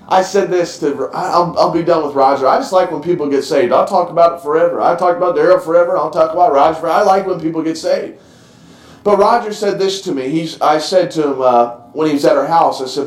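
High-voiced preacher in an echoey church. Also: male voice, quick pace. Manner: earnest, emotional preaching with frequent stammered restarts. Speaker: pastor. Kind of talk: sermon.

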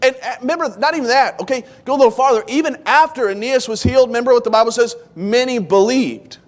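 A man's voice: very high voice, fast talker. A man in his thirties preaching a sermon in church, telling the story with animation and acting out the voices of the people he quotes. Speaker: pastor.

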